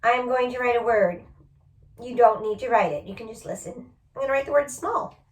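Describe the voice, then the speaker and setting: A woman's voice: fairly high pitch, fairly quick, reverberant. A woman teacher giving a spelling lesson to children, patiently sounding out each word letter by letter.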